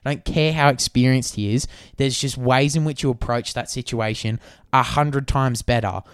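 A man's voice: mid-range voice, fairly even intonation, normal speed, smooth, no echo, clean studio sound. A young Australian man hosting a podcast, telling a story in casual chat with lots of swearing and fillers. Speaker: podcast co-host.

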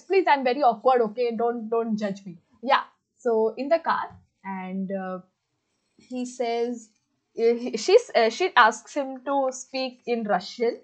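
A woman hosting a podcast in casual book chat, gushing and excitable, with lots of fillers. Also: a little high, slow. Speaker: podcast host. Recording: dull lo-fi recording.

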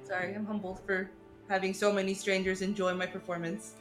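A woman's voice: mid-range voice, level tone, a little fast, faint music behind. A woman playing a tabletop role-playing game, reacting playfully and calling out her rolls. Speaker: player.

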